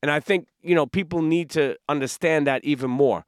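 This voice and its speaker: A man's voice: a little high, brisk, no room sound, clean studio sound. A man hosting his own podcast, giving earnest motivational talk on parenting and repeating catchphrases with many "okay"s and "right"s. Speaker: podcast host.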